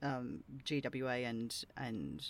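A woman's voice: rumbling low, very animated, takes it slowly. An Australian woman hosting a casual interview, rambling and self-deprecating, laughing at her own puns. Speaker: podcast host interviewing a voice actor. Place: home, rural property.

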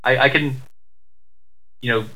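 Guy rambling on a chat show, bright tone, lots of ums and restarts. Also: mid-range voice, steady tone, unhurried, rough recording. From United Kingdom. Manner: rambling, self-deprecating, lots of fillers and restarts. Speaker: podcast co-host. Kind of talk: casual chat.

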